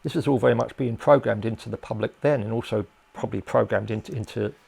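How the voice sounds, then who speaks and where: A man's voice: lowish voice, fast, vocal fry, a little mellow, slightly rough. An older man from England, a guest in a casual interview, who rambles and hesitates with many fillers and restarts.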